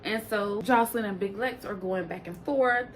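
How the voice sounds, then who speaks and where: A woman recaps reality TV drama in a loose, chatty commentary. She is blunt and profane, with a sassy bite, and slips into other people's voices while telling the story. Her voice sits at a middle pitch, and a little noise is heard behind her. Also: moderate pace. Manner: animated, jumps into quoted voices. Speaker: reality TV reviewer.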